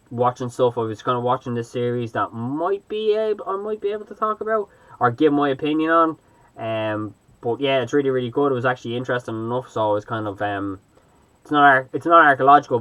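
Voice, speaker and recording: A man's voice: medium pitch, a bit bright, smooth, no echo. An Irish man chatting loosely and hesitantly as a vlogger, rambling through his thoughts. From Ireland. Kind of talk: casual vlog commentary.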